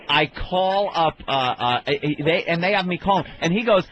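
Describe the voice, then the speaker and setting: A man with a high voice tells a comic story, acting out each person in it with profane, indignant flair. He sounds like a guest on a talk radio show. The broadcast sound is dull and lo-fi, with faint noise behind him. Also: lively intonation, normal speed, few pauses, fairly bright tone. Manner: acts out every voice in his story, profane and indignant. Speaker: comedian guest. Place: radio studio.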